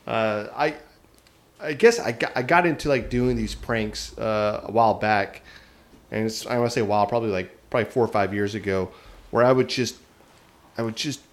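A man's voice: on the low side, normal speed. A man telling a long prank story in casual talk, rambling with many restarts and laughing at himself.

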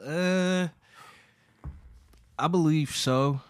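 A man's voice: on the high side, drawn-out words, clear, resonant tone, no echo. A man co-hosting a casual sports podcast, laid-back and profane with lots of slang. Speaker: podcast co-host.

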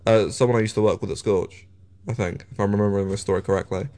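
A young English man co-hosts a casual podcast, chatting away, swearing freely, and laughing often as he tells stories. His voice is lowish, steady, and dark in tone, and he talks fast.

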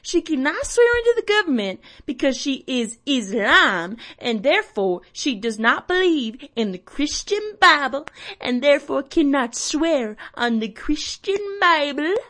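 A woman mimicking a blustering older Southern male politician with a halting, indignant insistence. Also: medium pitch, lightly acted.

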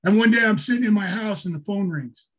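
Husky, emotional older man telling stories. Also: high-pitched, fast talker, a bit bright. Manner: emotional, swears often, repeats himself. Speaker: storyteller guest. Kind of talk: casual profane storytelling.

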